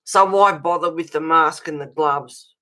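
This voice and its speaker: A low-voiced Australian woman hosts a colouring livestream in a casual chat. She rants bluntly and swears freely, breaking off to answer chat messages. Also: unhurried, pushed and bright. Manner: reacts to chat messages with laughs.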